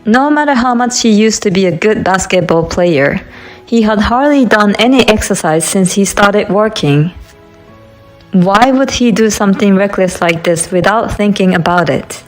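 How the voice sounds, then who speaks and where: A woman reading a first-person story aloud in a steady, even scripted narration. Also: mid-range voice, moderate pace. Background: faint background music.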